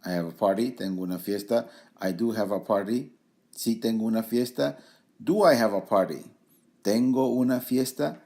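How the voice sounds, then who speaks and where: A man explaining language points as a trainer, relaxed, slowly repeating example phrases with fillers. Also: on the low side. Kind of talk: instructional explanation.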